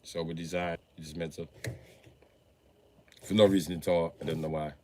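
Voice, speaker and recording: A man on a livestream who rants about cars in a profane, excitable way, now and then bursting into a shout. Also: low-pitched, moderate pace, a little hiss or hum. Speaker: livestreamer and car mechanic. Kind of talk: profane ranting livestream chat.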